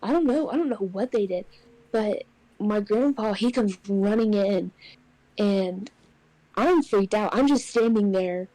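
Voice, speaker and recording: A young woman casually telling a personal ghost story on a podcast, getting animated when she acts out what people said. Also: medium pitch, measured pace, dry recording, poor audio. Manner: animated, acts out quotes in raised voice. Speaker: podcast co-host.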